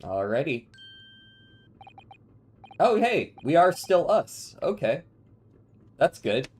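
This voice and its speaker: A man's voice: fairly high pitch, very animated, slow pace, darkish tone, husky. Joking man streaming a game. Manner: joking, chatty, reads game text aloud in voices. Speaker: streamer playing a video game. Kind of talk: casual gameplay commentary.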